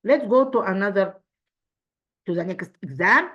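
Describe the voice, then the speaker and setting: A woman teacher with an Egyptian accent, a native Arabic speaker, reviewing English grammar for an exam, halting, with many restarts, asking and answering her own questions. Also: mid-range voice, animated, fairly bright tone, muffled recording.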